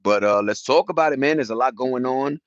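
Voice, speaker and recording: A man's voice: mid-range voice, fairly quick, no room sound. A man, chatting loosely on a livestream, greeting viewers and laughing as he talks. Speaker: livestream host. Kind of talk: casual livestream chat. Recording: dull lo-fi sound.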